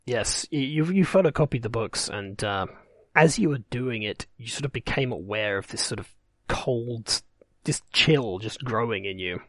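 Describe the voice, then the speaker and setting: A man's voice: medium pitch, animated, normal speed, no room sound, clean studio sound. A man running a tabletop game, narrating in a rambling, wry way that corrects itself as it goes. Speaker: game master.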